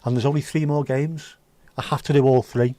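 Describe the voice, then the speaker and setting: A man's voice: medium pitch, fairly even intonation, a little fast, mellow, no room sound. A man hosting a casual livestream, chatting with viewers in sweary, joking banter. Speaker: livestream host reading chat. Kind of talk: casual chat.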